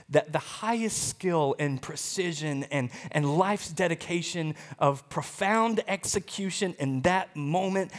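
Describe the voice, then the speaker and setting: A man pastor preaching a sermon, telling a story in an animated, emphatic way. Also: fairly high pitch, long reverb tail.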